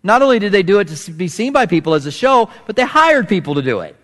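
Middle-aged male pastor, lively storytelling sermon delivery, slightly high voice, long hall reverb. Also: fast talker. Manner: storytelling preacher, acts out voices with big swings in pitch.

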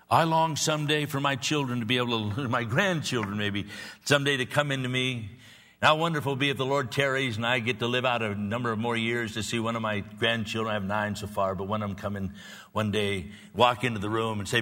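Give me an earnest pastor in his sixties delivering a sermon with a bright, forceful voice. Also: mid-range voice, fast talker. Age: 60s. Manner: earnest, repetitive, building to emphatic peaks. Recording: long reverb of a large hall.

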